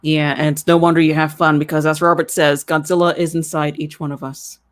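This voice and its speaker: A host running a casual livestream chat and reading audience questions, relaxed and giggly. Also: mid-range voice, a little fast.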